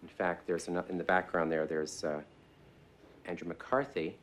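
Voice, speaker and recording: An actor playing an eager, theater-obsessed middle-aged shop owner who talks in an earnest, rambling way in a mockumentary interview. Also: male voice, low-pitched, fairly even intonation, normal speed, slight background noise, lightly acted. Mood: gushing. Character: eager theater-mad middle-aged man, sweetly self-absorbed.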